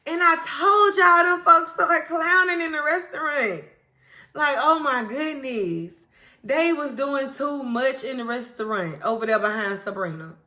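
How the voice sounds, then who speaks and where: A woman, recapping a TV episode to viewers in a casual, animated way, acting out characters' lines and laughing often. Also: high voice, measured pace. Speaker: TV recap host.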